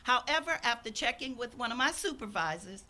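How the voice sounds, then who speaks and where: An older woman preaches a sermon at an outdoor service, telling a personal story in an earnest way. Her voice is bright and sits fairly high, and she acts out the people she quotes. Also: expressive, brisk. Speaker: minister.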